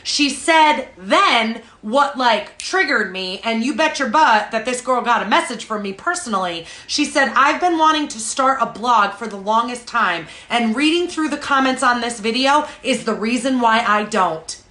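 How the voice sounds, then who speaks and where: A woman's voice: fairly high pitch, expressive, moderate pace, few pauses, pushed and bright. A woman coaching a group on social selling in a chatty, emphatic way, tagging lines with "okay?" and "all right?". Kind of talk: motivational group talk. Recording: echoey room.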